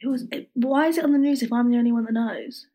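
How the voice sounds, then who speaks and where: A woman with a high, husky voice chats on a podcast, hesitating with fillers and playing along with amusement. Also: quick pace, mellow. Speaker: podcast co-host. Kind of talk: casual chat.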